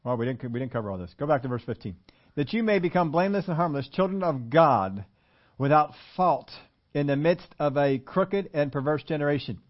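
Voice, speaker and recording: A man preaching an animated sermon and asking his congregation questions. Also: on the high side, a little fast, muffled recording. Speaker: pastor.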